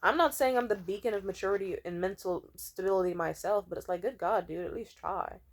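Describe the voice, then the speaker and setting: Young woman, angry vlog rant, profane, fast storytelling, mid-pitched voice. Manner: fast, profane, heated storytelling with quoted dialogue. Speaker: vlogger. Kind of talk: venting rant to camera.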